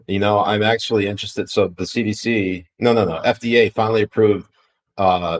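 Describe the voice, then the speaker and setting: A man's voice: low-pitched, poor audio. A man co-hosting a casual political podcast, blunt and profane, rambling with frequent restarts. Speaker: podcast co-host.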